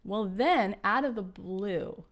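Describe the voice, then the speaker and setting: A woman in her forties, a podcast host, talks her listeners through a personal story. She is earnest and animated and uses lots of fillers, and her pitch sits in an ordinary middle range. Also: takes it slowly. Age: 40s.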